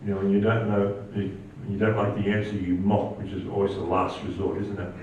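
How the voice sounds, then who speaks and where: Male pastor, animated sermon delivery, heard from a distance in an echoey church, slightly dull sound. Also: fairly quick, slight background noise. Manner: animated preaching, rising pitch on quoted lines.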